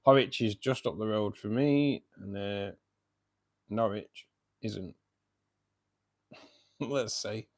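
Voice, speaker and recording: Speaking slowly and leaving long pauses, this lowish-voiced man from England chats with viewers on a casual live stream. He reads their comments aloud, addresses them as mate, and has a Manchester accent.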